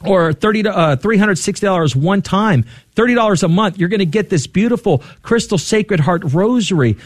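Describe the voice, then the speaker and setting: A man co-hosting a radio fundraiser, talking fast and excitedly as he urges listeners to call in. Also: sits high, no echo. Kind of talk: on-air fundraising appeal.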